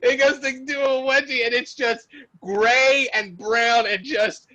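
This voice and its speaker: A man co-hosting a podcast in casual chat, excitable, laughing often and swearing casually. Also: extremely high pitch, a little slow, no echo, poor audio. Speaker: podcast co-host.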